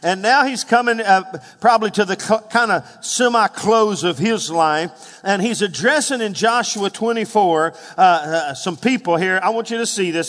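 High-pitched guy preaching a sermon, gets loud and emphatic, hall echo behind him. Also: moderate pace. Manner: rises to loud emphatic peaks, calls for congregation responses. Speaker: pastor. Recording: hall reverb.

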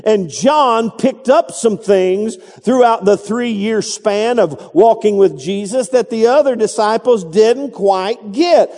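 A man's voice: high voice, slow pace, creaky, few pauses, darkish tone, in a large hall. A male pastor preaching a sermon, emphatic and calling out to the congregation.

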